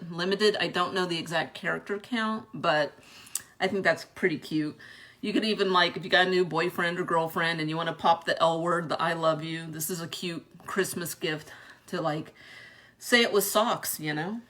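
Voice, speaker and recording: A woman's voice: lowish voice, bright, forceful tone. A young woman chatting casually through an unboxing video, laughing often between her remarks. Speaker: vlogger reviewing a product.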